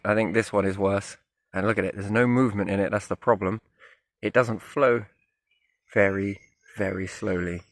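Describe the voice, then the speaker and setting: A man walking by a river in the woods, musing aloud as he goes, often trailing off into quiet wondering remarks. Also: lowish voice, no room sound. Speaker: vlogger.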